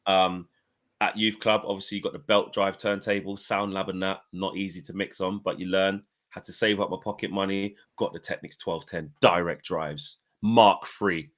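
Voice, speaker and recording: A man's voice: low voice, steady tone, normal speed, fairly bright tone. A man in his thirties co-hosting a casual chat show, bantering and calling his co-host "mate". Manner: chatty, banter-heavy, repeats "mate".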